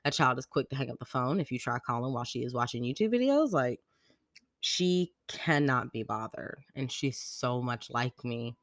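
A woman's voice: very deep voice, lively intonation, normal speed, dry recording. Young woman, podcast host, casual and slangy storyteller, dry close mic. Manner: chatty storytelling, slangy, lots of "like". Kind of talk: casual chat.

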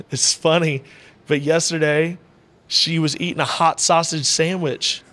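A man's voice: on the high side, steady tone, unhurried, bright, forceful tone. A man who announces combat sports, a podcast guest telling a heartfelt story in casual, rambling talk full of "you know" and "bro". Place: indoor VR arcade he owns.

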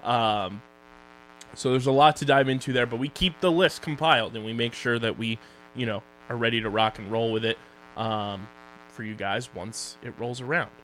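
A man's voice: medium pitch, normal speed, fairly bright tone, slight background noise. A young man co-hosting a casual podcast about streaming shows, joking loosely as he runs through social plugs and sponsor reads. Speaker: podcast co-host.

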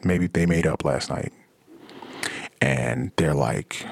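With an extremely low pitch, vocal fry, a breathy edge and long pauses, a podcast host moves slowly through a casual monologue. He animatedly acts out the voices of those he quotes, and there's no room sound.

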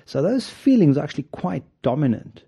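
A man's voice: fairly high pitch, very animated, fairly quick, vocal fry, warm tone, breathy edge. A man hosting a running podcast in a casual monologue, playful and joking, often chuckling as he tells stories. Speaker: podcast host and running coach.

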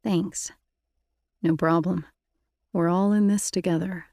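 A woman's voice: medium pitch, creaky, darkish tone, no echo, clean studio sound. A woman reading an audiobook in the first person, with intimate, reflective storytelling. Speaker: audiobook narrator.

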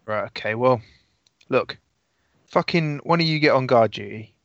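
A man's voice: medium pitch, normal speed, no room sound. Male tabletop player, casual and foul-mouthed, dull lo-fi recording, dry sound. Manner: casual, swears freely. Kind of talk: tabletop role-play in and out of character.

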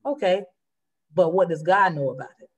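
A woman in a casual faith conversation, talking fast and earnestly as she shares her testimony. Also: on the low side, expressive, slightly rough. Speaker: churchgoer sharing testimony.

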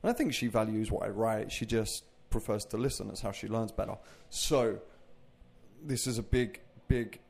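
Fitness podcast guy, gravelly voice, rambly and jokey. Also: on the low side, normal speed, darkish tone. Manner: chatty and rambling, self-mocking jokes. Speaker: podcast host and fitness coach. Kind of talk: casual solo podcast chat.

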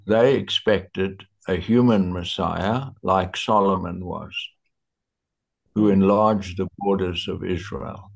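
A man teaching a Bible study in conversation, slow and searching for his words with many fillers. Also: deep voice, fairly even intonation, creaky.

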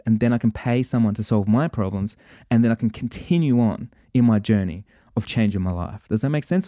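A man's voice: lowish voice, warm tone, no echo, studio quality. A man hosting a podcast, talking straight to listeners in a passionate, worked-up motivational monologue. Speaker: podcast host.

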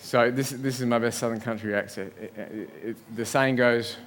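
A man's voice: mid-range voice, steady tone, normal speed, a bit bright. A man preaching a sermon in a church, earnest, building up lists and rhetorical questions. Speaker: pastor.

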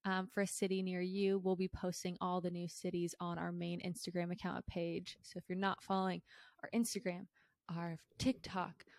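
A woman's voice: mid-range voice, dry recording, studio quality. A young woman co-hosting a podcast, upbeat and playful, teasing her co-host and wrapping up the show. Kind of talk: casual chat.

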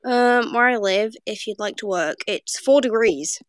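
A bubbly young woman with a Northern English accent, chatting on a podcast and telling animated stories between laughs. Her voice sits a touch high and sounds close and dry, with no room around it. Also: measured pace, dry recording. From Northern England. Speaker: podcast co-host. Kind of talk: casual chat.

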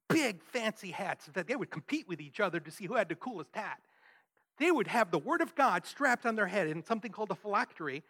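Animated preacher man, high lively voice. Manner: emphatic, rhetorical questions, frequent "right?". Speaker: pastor. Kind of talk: sermon.

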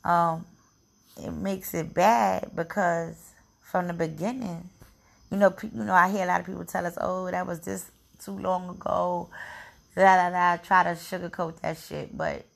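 A young adult woman with a gravelly voice, speaking in an emotional personal monologue to camera, repeating phrases and sometimes dropping to a whisper. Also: fairly low pitch, steady tone, measured pace. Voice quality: gravelly, heavy vocal fry.

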